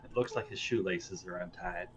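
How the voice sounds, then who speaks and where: A man's voice: low-pitched, normal speed, highs cut off, noisy background. Man loosely describing his character. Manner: loose, relaxed, filler-heavy. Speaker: player.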